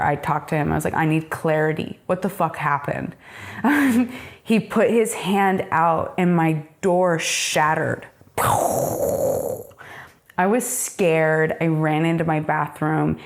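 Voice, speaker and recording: A woman's voice: fairly low pitch, vocal fry. A young adult woman in an interview, candidly and emotionally telling her life story in casual speech, often acting out what others said to her. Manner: candid, emotional storytelling, acts out quoted voices; casual with frequent fillers and swearing.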